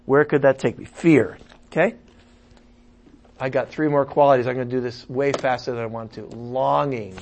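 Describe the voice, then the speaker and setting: A man preaching a sermon, animated, swinging from loud emphasis to muttered asides. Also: mid-range voice, normal speed.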